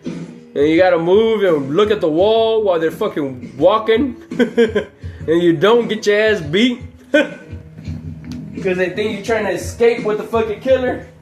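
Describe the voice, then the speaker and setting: Мужчина с очень высоким голосом. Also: male voice, high voice, expressive, unhurried, a little mellow, soft background music. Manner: profane, rambling, laughs often. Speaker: channel host. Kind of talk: casual storytelling.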